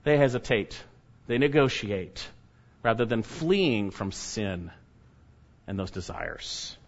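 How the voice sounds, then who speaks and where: A man's voice: animated, takes it slowly. Emphatic preacher man, lo-fi sound. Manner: emphatic, swings between loud urging and low hushed warnings. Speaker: pastor. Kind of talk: sermon.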